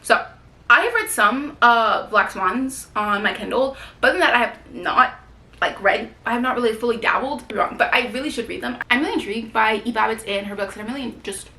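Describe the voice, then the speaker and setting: A woman's voice: a little high, lively intonation, fairly quick, pushed and bright, roomy sound, a little hiss or hum. A young woman chatting casually about her new books, gushing and rambling with lots of fillers. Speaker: book vlogger. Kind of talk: casual book haul chat. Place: room at home with bookshelf.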